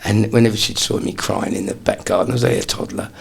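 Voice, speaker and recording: A man in his sixties, a comedian guest telling lively anecdotes in an interview and dropping into quick impressions. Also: fairly low pitch, gravelly, husky. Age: 60s. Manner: animated storyteller, slips into quick impressions.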